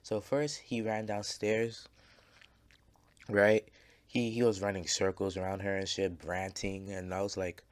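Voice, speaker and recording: A man's voice: fairly low pitch, flat delivery, unhurried. A man casually telling a story over gameplay, rambling and swearing, with lots of fillers and restarts. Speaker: gaming channel creator.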